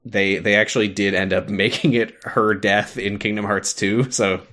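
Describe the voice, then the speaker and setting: Brief: man, lowish voice, easygoing podcast co-host, rambles and laughs while recapping a game. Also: fairly even intonation, moderate pace, bright, forceful tone. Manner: rambling, with many fillers, laughs and acted-out quotes. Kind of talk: casual chat recapping a video game.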